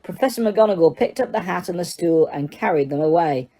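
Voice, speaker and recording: A woman narrating an audiobook in a steady reading voice, with the odd stumble. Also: lowish voice, brisk.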